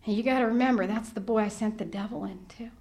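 A woman's voice: mid-range voice, fast talker. A middle-aged woman speaking at a recovery workshop, telling a story with humour and acting out her own thoughts. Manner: animated, humorous, acts out her own thoughts.

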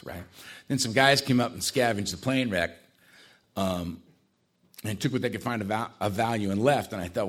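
A man telling his own life story in a casual, conversational way, with dark humor and frequent tag questions. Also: lowish voice, normal speed, pauses often, husky. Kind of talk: personal testimony talk.

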